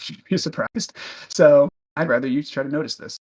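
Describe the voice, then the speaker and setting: A man's voice: fairly high pitch, normal speed, darkish tone. A man running a tabletop game as game master, narrating loosely with many fillers.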